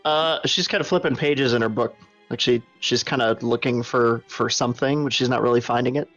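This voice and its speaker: A man's voice: medium pitch, brisk, fairly bright tone, highs cut off, soft background music. A man playing a tabletop game who describes his character's actions hesitantly, repeating words. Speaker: player.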